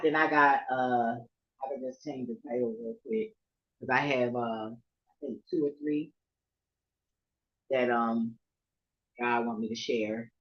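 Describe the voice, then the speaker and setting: A woman vlogger telling a story in a casual, heated rant, swearing heavily and swinging between shouting and muttering. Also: rumbling low, highs cut off. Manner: heavily profane, heated and emphatic.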